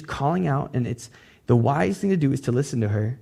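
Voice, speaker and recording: A man preaching a sermon in a relaxed, conversational way. His voice is dark and gravelly, with a husky edge. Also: mid-range voice, quick pace. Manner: conversational, loose with "like" fillers. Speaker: pastor.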